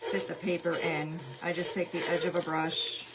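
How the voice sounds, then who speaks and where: A woman with a lowish voice hosts a craft livestream, chatting casually and greeting viewers by name as she paints. Her voice keeps going in and out. Loud machine noise runs underneath the whole recording. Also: flat delivery, moderate pace.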